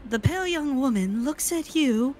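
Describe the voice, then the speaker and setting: A woman's voice: sits high, lively intonation, moderate pace, a little mellow, rough recording. A woman reading video game narration aloud, stumbling now and then over the names.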